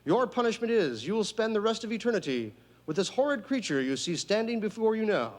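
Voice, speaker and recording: A man voicing a judging heavenly voice over a loudspeaker, speaking in a solemn, pronouncing manner. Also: high voice, big pitch swings, a little fast. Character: booming heavenly loudspeaker voice passing judgment.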